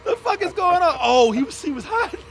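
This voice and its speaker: A high-voiced man with a lively, swooping delivery hosts a late-night comedy stream. His tone is bright and cutting, and his talk is profane and full of laughter. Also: brisk, gravelly, slight background noise. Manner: loud laughing, profane, animated. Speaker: host. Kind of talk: comedic live stream banter.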